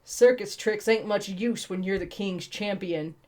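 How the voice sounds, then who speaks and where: A woman's voice: medium pitch, a little slow, a little mellow, close to an everyday voice. A woman voicing a sneering, misogynist male fighter who mocks and leers. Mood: leering. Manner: leering, mocking.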